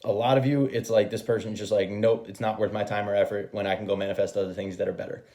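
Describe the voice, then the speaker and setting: A man's voice: fairly low pitch, level tone, fast, dark tone. A man giving a casual tarot reading, chatty and rambling, swearing freely and laughing at himself. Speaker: tarot reader.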